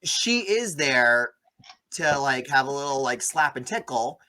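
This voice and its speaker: A man in his thirties hosting a casual movie review chat, retelling scenes in an animated way. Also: mid-range voice, unhurried. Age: 30s. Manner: animated storytelling, acts out quoted lines. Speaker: movie review podcast host.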